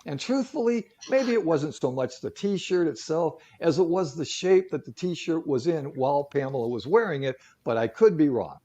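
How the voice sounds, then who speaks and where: A man's voice: on the high side, expressive, normal speed, hardly any pauses, dark tone. A man co-hosting a talk show who tells stories casually, with jokey asides and lots of fillers. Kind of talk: casual storytelling segment.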